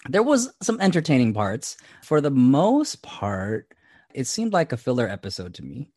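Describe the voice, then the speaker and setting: A man's voice: mid-range voice, wildly swooping pitch, moderate pace, dark tone, no echo. Male podcast co-host, easygoing and profane, frequent laughs, dry booth sound. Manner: laid-back, laughs often, swears casually. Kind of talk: casual chat.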